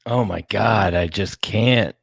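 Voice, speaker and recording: Man, low gravelly voice, slow drawl, blunt and exasperated, comedy podcast co-host. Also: dry recording. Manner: blunt, exasperated, swears freely. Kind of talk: casual comedic chat.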